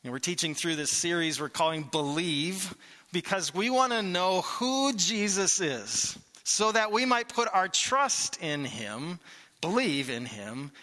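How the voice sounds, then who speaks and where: A man preaching a sermon to his church in a conversational, animated way, asking the congregation rhetorical questions. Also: high voice, a little slow, big-room sound. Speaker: pastor. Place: church sanctuary.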